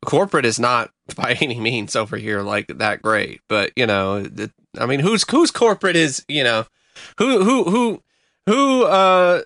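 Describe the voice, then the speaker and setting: A man's voice: mid-range voice, sing-song, a little slow, fairly bright tone, dry recording, clean studio sound. A man co-hosting a casual podcast chat, rambling and hedging with many restarts. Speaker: podcast co-host.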